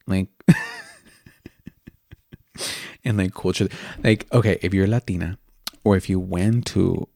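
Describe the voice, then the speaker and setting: A man's voice: sits low, normal speed, vocal fry, no echo, studio quality. A young man hosting a candid podcast, gushing and chatty, sometimes dropping into whispers. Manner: gushing, expressive, slips into whispers. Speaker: podcast host. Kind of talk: candid casual chat.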